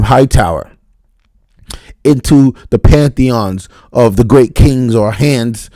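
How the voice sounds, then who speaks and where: Man, show reviewer, off-the-cuff recap, profane and slangy, mellow dark tone, dry close sound. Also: mid-range voice, dry recording. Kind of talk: unscripted casual episode recap.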